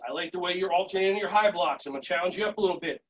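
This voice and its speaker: A high-pitched man running a lively live workshop, switching between quick explanations, sing-song chanting and sudden shouted calls. The sound is dull and lo-fi, like streamed conference audio. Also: slight background noise. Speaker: children's yoga and martial arts instructor. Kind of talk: live virtual workshop demonstration.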